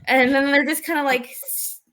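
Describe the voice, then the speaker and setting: A woman's voice: high-pitched, steady tone, moderate pace, fairly bright tone. A woman co-hosting a casual recap chat, retelling scenes with animation and acting out the lines. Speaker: podcast co-host.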